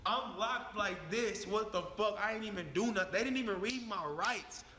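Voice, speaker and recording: A man's voice: sits high, moderate pace, pushed and bright, slight background noise. A young man telling his own story in a heated, profane, emphatic way. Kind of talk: animated storytelling. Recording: long reverb on the voice.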